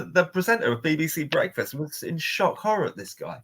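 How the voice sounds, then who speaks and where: Podcast co-host, man, husky, animated ranting delivery, pitch swinging widely. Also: fast talker, hardly any pauses. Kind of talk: casual podcast rant.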